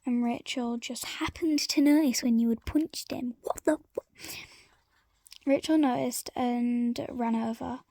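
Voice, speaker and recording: A woman casually narrating a fan story, halting and often slipping into a whisper. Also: fairly high pitch, fairly even intonation, mellow, no room sound, studio quality.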